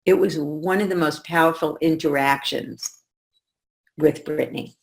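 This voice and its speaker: Middle-aged lady coach, low voice with some fry, calm measured teaching. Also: slight background noise. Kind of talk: teaching talk to camera.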